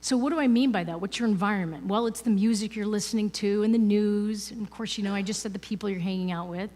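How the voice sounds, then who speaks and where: A woman's voice: mid-range voice, quick pace, warm tone. Woman speaking in a reverberant hall. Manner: chatty, peppered with "you know" and "right?". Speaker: guest speaker at a spiritual ministry. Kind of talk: conversational inspirational talk. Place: ministry service hall, indoors.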